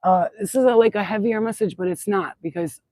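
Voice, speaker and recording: A woman's voice: mid-range voice, fairly quick, dark tone, no room sound, rough recording. A woman channeler chatting outdoors in a yard into a phone, rambling, blunt and swearing freely in a casual spiritual vlog.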